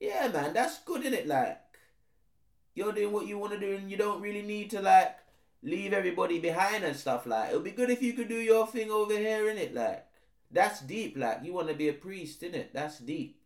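Man doing a brash young street lad, loud, slangy, bouncy pitch, echoey room. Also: expressive, moderate pace. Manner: loud, slangy, ends lines with "innit".

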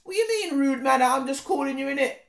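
A man voicing a pushy young street lad who talks loud, with slang tags on every line, recorded in an echoey room. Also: very high-pitched, lively intonation, fast talker, gravelly, pitched above the performer's own voice, full character voice. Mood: brash. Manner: loud, slangy, ends lines with "innit".

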